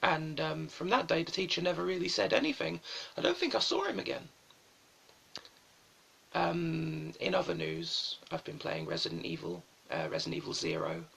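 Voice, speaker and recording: A man's voice: on the high side, very animated, normal speed, gravelly, a bit bright, husky. A young man rambling through stories on a live stream, swearing often and mocking himself.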